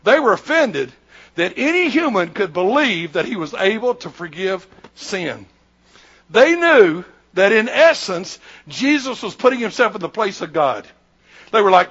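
A man's voice: high voice, sing-song, normal speed, a bit bright, dull audio. A man in his sixties, a pastor preaching a sermon in an emphatic, repetitive, conversational way.

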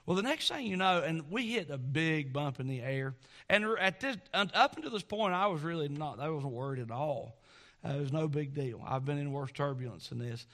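A middle-aged man preaching a sermon, telling a folksy story in an animated way. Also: on the high side, a little fast. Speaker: pastor.

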